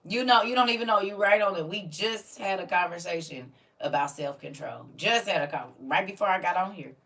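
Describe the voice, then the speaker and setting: Recorded from a distance, this livestream host speaks a little fast with a low-ish, creaky voice. She's teaching a class, sassily teasing her chat, preaching, and erupting into loud scolding.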